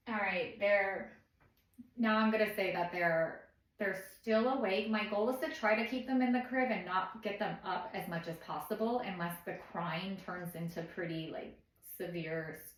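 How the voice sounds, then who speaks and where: A woman in her thirties giving a casual how-to demonstration at home, chatty and instructive, checking in with "okay?" and shushing softly as she shows the steps. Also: medium pitch, moderate pace. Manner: softly shushes and imitates baby cries while demonstrating. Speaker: parenting vlogger. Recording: echoey room.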